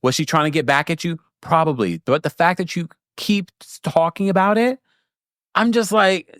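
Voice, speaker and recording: A man's voice: on the high side, moderate pace, a bit bright, no room sound, clean studio sound. A man hosting a casual reality TV recap livestream, giving sassy commentary and reading chat comments. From Jamaica. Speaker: host.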